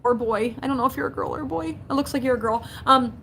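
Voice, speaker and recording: A woman's voice: high voice, fast talker, gravelly, a little hiss or hum. A young woman chatting casually on a livestream, answering viewers' chat, talkative and full of fillers. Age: young adult. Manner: chatty, animated, lots of fillers and quoted dialogue. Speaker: YouTuber answering live chat.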